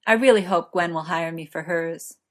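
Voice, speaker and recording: A woman's voice: lowish voice, normal speed, close to an everyday voice. Woman doing a cocky, teasing young man. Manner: teasing, boastful.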